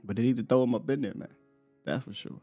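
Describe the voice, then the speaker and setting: A man hosting a live morning sports show, talking in an animated, rambling way and laughing often. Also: mid-range voice, quick pace, soft background music. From United States.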